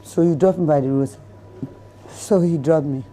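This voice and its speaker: A middle-aged Ghanaian woman telling a lively story in an interview, acting out the people in it. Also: sits low, normal speed, soft background music. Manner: animated storyteller who acts out voices, laughing. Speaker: celebrity guest.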